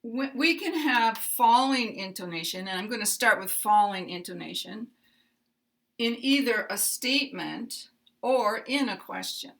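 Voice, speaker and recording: An American woman teaching pronunciation, speaking slowly and deliberately and modeling example phrases with exaggerated rises and falls in pitch. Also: expressive, creaky, fairly bright tone.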